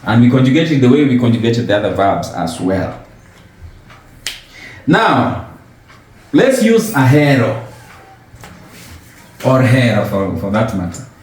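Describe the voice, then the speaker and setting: A man teaches slowly and patiently, with a lively, rising and falling voice. His pitch sits a little high for a man, and he keeps quizzing his learner and saying each word again. The sound bounces heavily around the room, with a faint hiss underneath. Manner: patient, questioning, repeats words for the learner. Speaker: language teacher. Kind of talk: informal language lesson. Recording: very echoey room.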